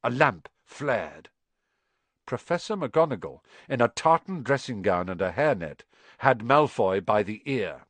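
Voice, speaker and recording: Lively male storybook narrator. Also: mid-range voice, unhurried, dry recording. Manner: expressive storytelling, acting out the characters. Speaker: audiobook narrator. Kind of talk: scripted narration.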